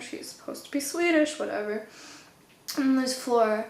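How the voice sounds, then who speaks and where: A woman's voice: high-pitched, moderate pace. A woman giving a casual book review, rambling and offhand, full of fillers. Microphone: low-budget camera mic. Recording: echoey room.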